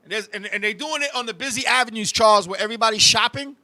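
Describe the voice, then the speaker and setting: A man hosting a talk show, telling profane, animated comic stories in casual chat and constantly addressing his co-host. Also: high-pitched, quick pace, no room sound.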